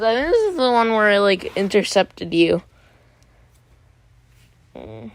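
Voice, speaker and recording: A woman's voice: medium pitch, slight background noise, rough recording. Chatty woman streaming a flight game. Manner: chatty, excitable, many fillers and quick exclamations. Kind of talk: casual live gameplay commentary.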